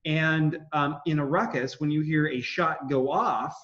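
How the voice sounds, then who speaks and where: A man's voice: a little high, steady tone, measured pace, fairly bright tone, dull audio. A man giving a casual history lecture, rambling with many fillers and restarts. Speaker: history teacher.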